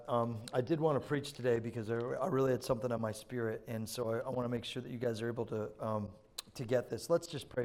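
A man's voice: mid-range voice, fairly even intonation, fast, darkish tone. A male pastor opening his sermon with a short prayer, repeating key lines for emphasis.

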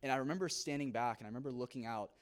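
A man's voice: medium pitch, racing, clear, resonant tone. A young man from a church youth group giving an earnest testimony to a congregation, telling his story with many fillers.

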